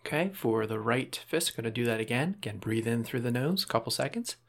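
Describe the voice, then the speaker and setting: A man calmly guiding listeners through a breathing and muscle relaxation exercise, step by step, with small casual asides. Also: mid-range voice, fairly quick, creaky. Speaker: relaxation instructor.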